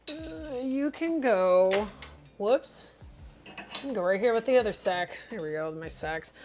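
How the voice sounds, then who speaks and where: Chatty woman cooking on stream, talks back to chat, soft music playing under her. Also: medium pitch. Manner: chatty, playful, answers chat aloud. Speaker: live streamer. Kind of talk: casual cooking livestream chat.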